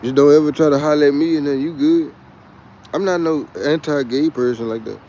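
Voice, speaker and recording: A man's voice: a little high, steady tone, a little fast, dark tone, slight background noise. Swaggering Texan man, muffled lo-fi sound. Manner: boisterous, swaggering and profane. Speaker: livestream host. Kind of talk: rambling casual livestream chat.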